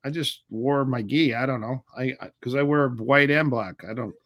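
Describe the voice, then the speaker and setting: A middle-aged martial arts instructor casually tells stories in an interview, animated and acting out the quoted dialogue. His voice is mid-range and his speed normal.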